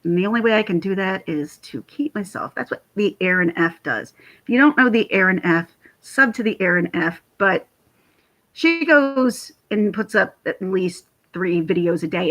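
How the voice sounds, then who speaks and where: Woman, 40s, slightly husky, rambling animated livestream chatter at her computer. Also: mid-range voice, normal speed. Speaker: vlogger chatting with live viewers. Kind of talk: casual livestream chat. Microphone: computer mic.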